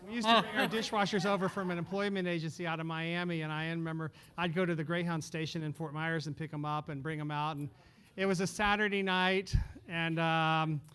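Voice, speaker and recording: A man's voice: on the high side, fairly quick, clear, resonant tone. A man telling a story on a panel in casual talk, acting out quoted lines as he goes. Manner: animated anecdote teller who acts out quotes. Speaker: panelist, former restaurant owner.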